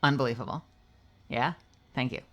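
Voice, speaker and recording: A young woman who streams and does voice acting chats casually on a live stream, rambling and cracking self-mocking jokes. Her voice is extremely low-pitched and she speaks at a normal speed.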